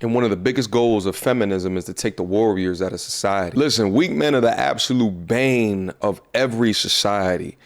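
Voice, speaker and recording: A man's voice: fairly low pitch, fairly quick, few pauses. A man hosting a commentary video, preaching bluntly and emphatically to his viewers about the clips he plays. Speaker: commentary host.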